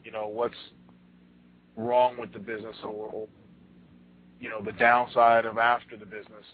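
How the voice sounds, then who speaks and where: A male radio host telling a story on a roundtable and handing the talk to his guests, animated and prone to doubled-up restarts. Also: lowish voice, moderate pace. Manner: animated, repeats words as he restarts. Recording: tinny phone line.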